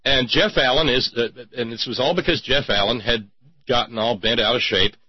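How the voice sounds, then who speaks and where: A sarcastic male talk radio host with a husky, slightly breathy voice that leaps up into squeaky mock outrage. The sound is dry and close, with a somewhat dull, lo-fi broadcast tone. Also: normal speed, dry recording. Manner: mocking, with sudden high-pitched exclamations.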